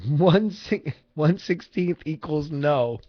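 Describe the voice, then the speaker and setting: A man's voice: on the high side, takes it slowly. A man hosting a casual livestream, rambling, swearing freely and joking with viewers in chat. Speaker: livestream host. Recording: lo-fi livestream audio.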